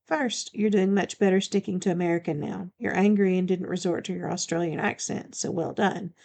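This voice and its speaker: A woman's voice: lowish voice, steady tone, fairly quick, gravelly, darkish tone. A woman reading the part of a blunt, commanding male shifter bodyguard in an audiobook, speaking firmly and matter-of-factly.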